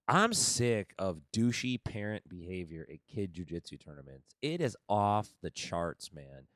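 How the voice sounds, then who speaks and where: A low-pitched man telling a story in a casual podcast chat, his voice rising and falling with a lot of life. He throws in "man" and "dude" all the time, and the sound is dry and close with no room echo. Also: very animated, unhurried, a bit bright. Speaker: podcast co-host and kids' jiu-jitsu coach.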